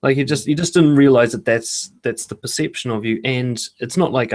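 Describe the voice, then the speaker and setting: A man speaking as an author and guest, explaining calmly in a casual interview with occasional swearing. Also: mid-range voice, a little fast, hardly any pauses. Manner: calm, matter-of-fact, casual swearing.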